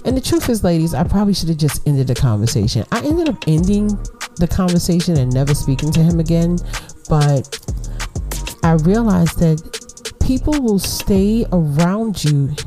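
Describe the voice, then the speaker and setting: A woman's voice: on the low side, expressive, normal speed, mellow, soft background music. A middle-aged woman hosting a podcast, giving casual, slangy advice and laughing often as she talks. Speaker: podcast host.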